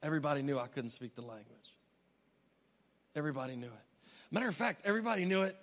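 A man's voice: a little high, sing-song, quick pace, fairly bright tone. A man preaching a sermon, telling a travel story with humor and acting out his own reactions. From United States. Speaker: pastor. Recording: long reverb of a large hall.

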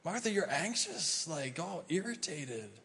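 A man preacher voicing a calm teacher who casually soothes a worried host. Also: sits high, fairly quick, a little hiss or hum, voice pushed up. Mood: soothing. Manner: relaxed, reassuring, casual. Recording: reverberant church hall.

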